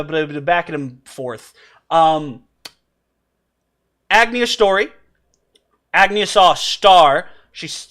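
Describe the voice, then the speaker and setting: Male streamer, high bright voice, chatty and rambling. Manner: chatty, rambling, laughs often. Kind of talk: casual gameplay commentary.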